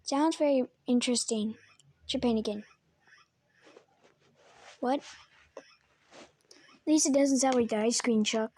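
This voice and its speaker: A woman's voice: on the high side, unhurried, long pauses, dark tone. A woman casually reacting to alarm sounds, joking and giving blunt, offhand verdicts. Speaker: video creator rating alarm sounds.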